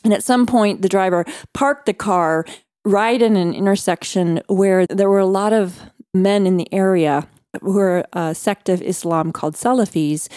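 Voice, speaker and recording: A woman guest on a faith podcast, earnestly telling a personal story with measured pauses. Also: mid-range voice, fairly even intonation, mellow, clear, resonant tone, dry recording, clean studio sound. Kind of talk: storytelling interview.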